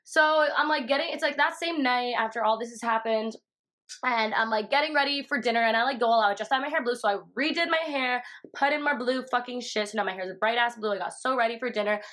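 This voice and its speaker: A young woman telling a story in a casual, profane way, full of fillers and animated quotes. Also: on the high side, fast talker. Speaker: vlogger.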